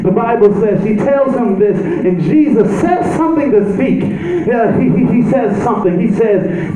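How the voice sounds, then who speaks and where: A man preaching a sermon, telling the story with animation and acting out the people in it, rising to shouts. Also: very high voice, animated, normal speed, hardly any pauses, a crowd in the background. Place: church sanctuary. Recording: echoey church hall from off-mic, dull sound.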